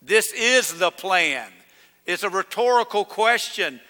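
A high-voiced man preaches with a bright, ringing edge to his tone. He talks emphatically and builds to loud, declaring peaks. His voice carries a long reverb from a church sanctuary. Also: lively intonation, a little slow. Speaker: pastor. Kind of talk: sermon.

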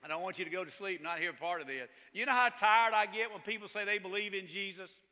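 Man, pastor, sermon, high voice, very bright and forceful tone, emphatic, long reverb. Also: quick pace. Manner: emphatic preaching, builds to forceful passages.

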